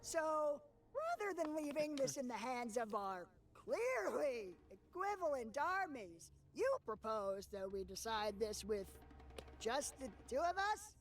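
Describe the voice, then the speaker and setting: A woman's voice: high-pitched, very animated, takes it slowly, exaggerated voice. A woman voicing a snarky, sarcastic young male swordsman. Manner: sarcastic, exasperated. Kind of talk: comedy parody voice acting.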